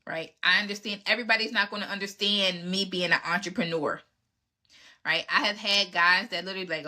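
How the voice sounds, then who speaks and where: A woman's voice: mid-range voice, fairly even intonation, fairly quick, bright, forceful tone. A woman in her thirties hosting a podcast, giving candid, emphatic relationship advice and acting out her exchanges with past dates. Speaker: podcast host answering relationship questions. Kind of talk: casual advice talk.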